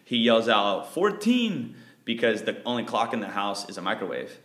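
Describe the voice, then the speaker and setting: A man's voice: fairly low pitch, fairly even intonation, fairly quick, fairly bright tone, roomy sound. A man in a casual podcast chat, telling anecdotes with fillers.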